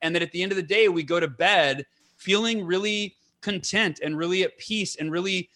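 A man with a bright, fairly high voice who talks as a podcast guest. He is earnest and eager, piles up fillers and restarts, and speeds through his points. The talk is casual and unscripted. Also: normal speed.

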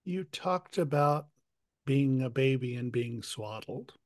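A man hosting an interview, speaking in a thoughtful, measured way. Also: mid-range voice, animated, darkish tone, no room sound, studio quality. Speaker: interview host. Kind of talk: casual interview.

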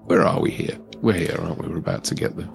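A man's voice: low-pitched, fairly even intonation, quick pace, gravelly, faint music behind. A man hosting a casual watchalong, chatting animatedly about a film with frequent restarts. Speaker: host.

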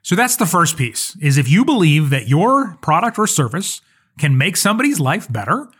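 A man with a fairly high voice talks through a solo podcast episode as a social media coach. His delivery is earnest and conversational, and he drops in personal asides as he teaches. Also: sing-song, moderate pace, a bit bright, slightly rough.

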